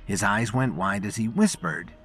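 A man narrating a story in scripted, expressive storytelling. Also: lowish voice, normal speed, breathy edge, soft background music.

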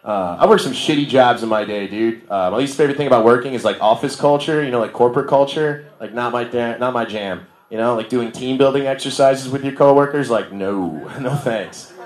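A young stand-up comedian from Milwaukee, Wisconsin, performs a loose, slangy set on a bar comedy stage, laughing at his own jokes. His medium-pitched voice moves fairly quickly with hardly any pauses, and the bar room sounds echoey.

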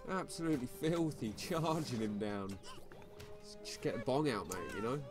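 A man's voice: mid-range voice, lively intonation, normal speed. Laid-back guy over game music. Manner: laid-back, slangy, says "mate" constantly. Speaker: mobile game YouTuber. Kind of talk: casual gameplay commentary. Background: background music.

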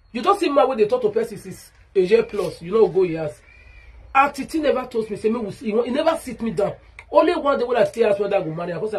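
This Nigerian vlogger talks very fast in a slightly high, sing-song, somewhat rough voice. Facing the camera, she repeatedly vents her grievances and confronts a rival head-on.

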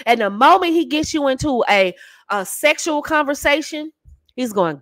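A woman's voice: high-pitched, expressive, moderate pace, fairly bright tone, no echo. A woman hosting a channel as a dating coach, giving sassy, emphatic straight-talking advice and calling the listener baby and honey.

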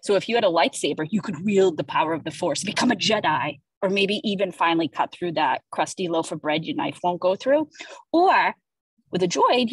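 Woman, host, casual chat, playful, enthusiastic, husky, dry sound. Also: lowish voice, no room sound, poor audio. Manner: playful and enthusiastic, jokey asides. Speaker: host presenting weekly social media content. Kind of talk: casual chat on a video call.

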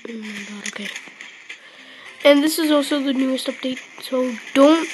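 Nervous, high-voiced girl gaming. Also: moderate pace, faint music behind. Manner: nervous, apologetic, giggly; excited outbursts during play. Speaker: gamer. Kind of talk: nervous gameplay commentary. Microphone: phone.

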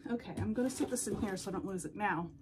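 A woman hosting a casual unboxing vlog at home, gushing and excitable as she talks to her viewers. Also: mid-range voice, racing. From United States. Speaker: doll collecting channel host.

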